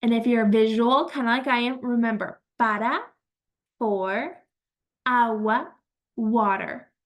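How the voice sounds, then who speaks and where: A woman teaching vocabulary in a slow, patient, encouraging way, repeating each word and praising the learner. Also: fairly high pitch. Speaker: Spanish teacher. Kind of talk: slow vocabulary lesson with pauses.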